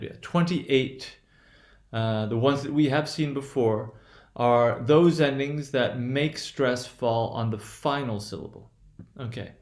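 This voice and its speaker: A man gives a recorded lesson at a middle pitch, talking in a hesitant, searching way with plenty of fillers and restarts. He explains slowly and circles back to repeat his points. His voice rings in a noticeably echoey room. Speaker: English pronunciation teacher.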